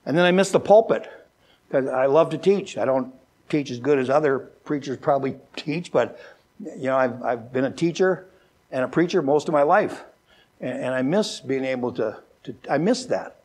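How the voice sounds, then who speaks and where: Older guy pastor giving a sermon, folksy, jokey, stumbles and repeats words, slows way down reading verses. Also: medium pitch, expressive, darkish tone. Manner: folksy, joking, often repeats words when restarting; slows down and lifts his voice when reading scripture.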